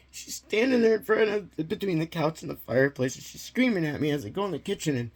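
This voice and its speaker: A man vlogging a personal confession, retelling events in an agitated, halting way with nervous laughs. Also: fairly high pitch, lively intonation, husky.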